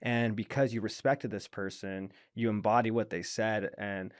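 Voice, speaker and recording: A man's voice: lowish voice, fairly even intonation, moderate pace, dry recording, clean studio sound. A man hosting a podcast, reflectively summing up what his guest has told him. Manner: reflective, sums up the guest's story. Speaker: podcast host. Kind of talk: casual interview conversation. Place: podcast studio.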